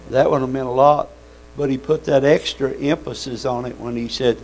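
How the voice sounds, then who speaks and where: A man's voice: medium pitch, fairly even intonation, normal speed, creaky, a little hiss or hum, rough recording. A man preaching a sermon in a folksy, fervent way, calling out amens and hallelujahs.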